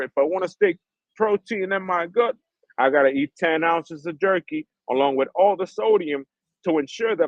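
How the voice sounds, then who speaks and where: A man's voice: a little high, no echo, muffled recording. A man hosting a livestream, ranting in heated, profane street slang. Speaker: livestream host.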